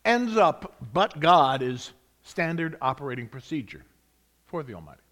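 A man preaches a sermon, reading scripture with rising excitement and swinging from loud emphasis to hushed whispers. His voice is a little high, at normal speed.

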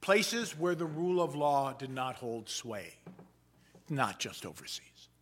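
A man preaching a sermon in a measured, earnest way, slowing down to stress key points. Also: medium pitch, big pitch swings, fairly bright tone, slightly rough. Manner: measured, earnest delivery that slows for emphasis.

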